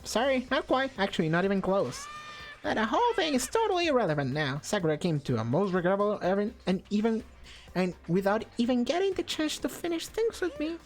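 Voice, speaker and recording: A woman's voice: medium pitch, sing-song, fairly quick, soft background music, pitched above the performer's own voice, natural voice. Woman doing a taunting British bear mascot. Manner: taunting, sing-song. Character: gleeful mischievous male bear mascot.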